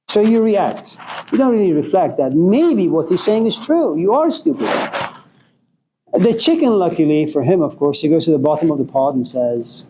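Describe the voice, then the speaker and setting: A male lecturer speaking in a slow, deliberate, rambling storytelling manner. His voice sits somewhat high but sounds mellow and dark. A faint hiss lies behind it. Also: lively intonation, poor audio.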